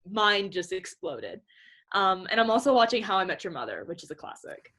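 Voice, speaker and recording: Young adult woman, excitable podcast guest, gushing and chatty. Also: mid-range voice, moderate pace. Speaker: guest swimmer. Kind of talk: casual podcast interview.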